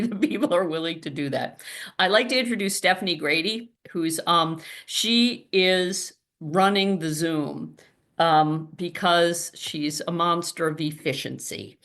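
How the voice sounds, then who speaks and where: A woman with a slightly low voice hosts a group video call. She talks in a loose, lively way, laughs often and swears freely. Her voice comes through a video-call mic. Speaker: podcast host running a video-call salon. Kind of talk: casual chat.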